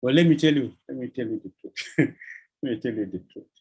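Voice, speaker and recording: Swami guy, husky voice, lecturing, says things twice. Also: mid-range voice, fairly quick, darkish tone, low-quality recording. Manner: repeats phrases, chuckles, uses devotional terms. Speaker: swami giving a scripture lecture. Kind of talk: sermon.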